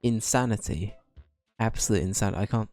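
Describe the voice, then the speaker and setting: Low-voiced male streamer. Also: a little mellow, faint music behind. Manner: joking, self-deprecating, quick asides. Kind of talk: casual gaming commentary.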